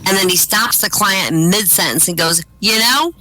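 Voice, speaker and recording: A man doing stand-up, telling one-liners and short jokes with deadpan punchlines over voice chat. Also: high voice, moderate pace, a little hiss or hum, rough recording. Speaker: stand-up comic. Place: virtual-world comedy venue, voice chat.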